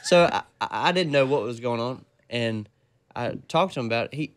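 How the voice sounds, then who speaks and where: A man's voice: mid-range voice, lively intonation, moderate pace, dry recording. A young man from Virginia with a Virginia accent, a guest race driver telling stories in a laid-back, chuckling way during casual podcast chat.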